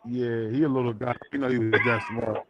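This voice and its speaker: A man's voice: mid-range voice, fairly even intonation, fairly quick, muffled recording, a little hiss or hum. A man co-hosting a casual boxing podcast, teasing and bantering with his co-hosts. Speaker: podcast co-host.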